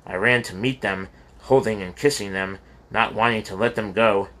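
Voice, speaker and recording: A man reads a memoir aloud at normal speed in a low-pitched voice that is still bright and forward. His narration is earnest and heartfelt with occasional slips and restarts, sounding like someone reading at home rather than a polished studio professional.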